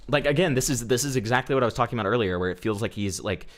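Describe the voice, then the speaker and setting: A man's voice: medium pitch, rapid-fire. A man hosting a reaction stream, commenting sarcastically and with disbelief, swearing often. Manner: sarcastic, incredulous, profane.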